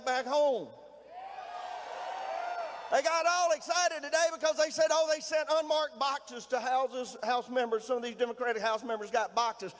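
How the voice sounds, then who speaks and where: A middle-aged man with a Southern Mississippi accent, giving a folksy, rousing political rally speech as a governor and often shouting to the crowd. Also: very high-pitched. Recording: reverberant hall, faint noise.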